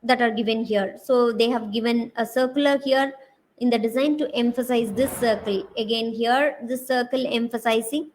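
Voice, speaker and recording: A woman's voice: on the high side, fairly even intonation, moderate pace, a little hiss or hum, low-quality recording. A woman with an Indian English accent giving a university design lecture, talking through slide examples with many hesitant fillers.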